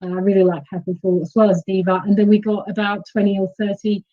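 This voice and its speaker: A woman's voice: mid-range voice, little pitch movement, fast talker. Playful woman co-host, lo-fi sound. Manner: playful, laughs often. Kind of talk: casual panel chat. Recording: dull lo-fi sound.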